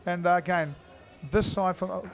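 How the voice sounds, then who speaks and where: A man's voice: sits high, fairly even intonation, moderate pace, vocal fry. A middle-aged man giving live indoor cricket commentary, chatty and full of fillers as he thinks aloud.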